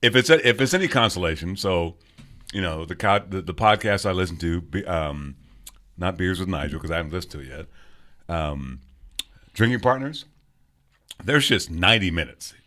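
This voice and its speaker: A man's voice: low voice, expressive, normal speed, pauses often, pushed and bright. A man in his forties co-hosting a podcast, joking, swearing and laughing often while drinking beer. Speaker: podcast co-host. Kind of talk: casual chat over beers.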